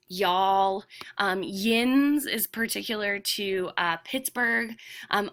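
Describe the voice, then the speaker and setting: A woman's voice: medium pitch, pushed and bright. A woman teacher giving a recorded lecture, explaining step by step with frequent ums and asking "right?".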